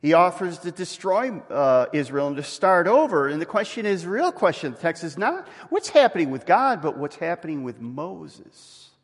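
A male pastor preaching a sermon in a church, with an animated delivery that acts out quoted voices. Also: a little high, normal speed, hardly any pauses, big-room sound.

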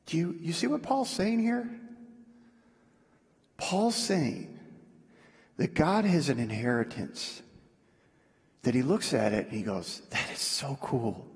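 A man preaching a sermon in a conversational way, dropping low and soft to make his points. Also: lively intonation, slow pace, long pauses. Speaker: pastor. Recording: echoey hall.

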